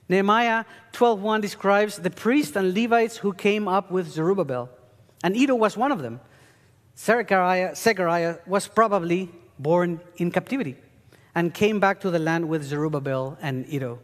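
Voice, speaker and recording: A man preaching a sermon, teaching earnestly and rising into emphatic bursts. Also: sits high. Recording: long hall reverb.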